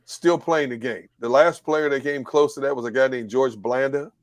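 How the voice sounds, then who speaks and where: A man on a casual sports talk panel, talking in a measured way and often repeating words as he starts a sentence. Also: mid-range voice, no room sound.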